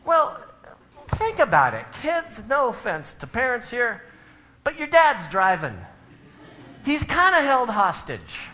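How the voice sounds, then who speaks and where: Man, middle-aged, speaker at a family seminar, humorous storytelling, acts out scenes, lively pitch. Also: a little slow. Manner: animated, acts out family scenes with big vocal swings. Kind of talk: humorous storytelling talk to a live audience.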